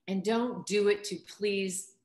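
A woman's voice: mid-range voice, fairly even intonation, slow pace, a little mellow, roomy sound. A woman hosting a casual interview, chatty, asking questions and laughing easily. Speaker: interview host and acting coach.

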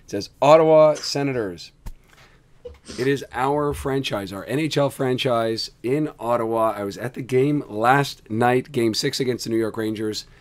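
A hoarse man hosting a tech show, bantering in an animated, self-deprecating way. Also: mid-range voice, normal speed, few pauses. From Canada. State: hoarse from screaming. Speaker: podcast host.

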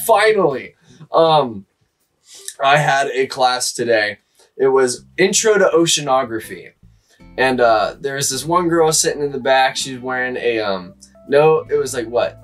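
A man's voice: on the high side, fairly bright tone, far from the mic. A young man in casual podcast chat, telling a story with energy and laughing often. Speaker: podcast co-host.

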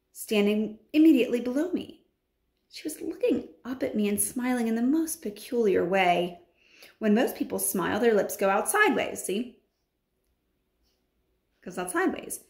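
Woman reading a story aloud, roomy sound. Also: a little high. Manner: animated, adds chatty comments. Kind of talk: expressive read-aloud with asides. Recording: roomy echo.

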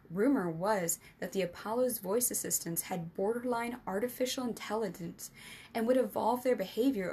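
Female storyteller, scripted narration, ups her pitch for the characters' dialogue. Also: a little hiss or hum. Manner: voices boys' dialogue with higher, louder pitch.

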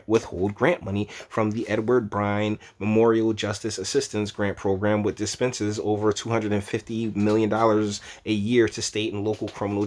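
Husky young man ranting casually. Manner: animated, jumps into high mocking voices when quoting. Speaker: commentary vlogger. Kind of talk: casual political commentary and article reading.

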